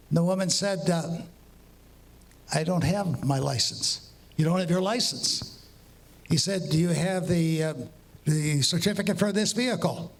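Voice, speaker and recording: A man with a high voice tells long story jokes to a live crowd. He walks through each setup step by step and acts out the quoted dialogue. He slows down to draw out every punchline. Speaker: walk-on joke teller. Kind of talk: stand-up joke telling.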